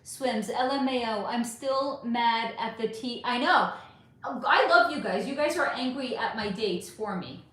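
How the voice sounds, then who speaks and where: A woman's voice: on the high side, measured pace, a bit bright. A middle-aged woman hosting a casual livestream, reading chat comments aloud and ranting with plenty of swearing. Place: home room. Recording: echoey room.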